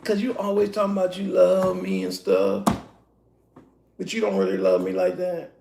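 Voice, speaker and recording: A man putting on Delilah, a seductive schemer who sulks and whines to get her way, in a high, gravelly voice. She pouts softly as she fakes her sadness. The sound rings around a roomy, echoing space. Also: moderate pace, noisy background. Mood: sulky. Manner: soft, whiny, sulking. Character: scheming seductive Delilah, a grown woman, wheedling and fake-sad. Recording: echoey room.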